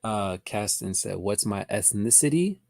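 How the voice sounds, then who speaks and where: Low-ish, gravelly, and a little mellow, this man's voice is animated but unhurried. He's a trading educator hosting a live lesson, chatting casually with viewers and reading their chat comments aloud.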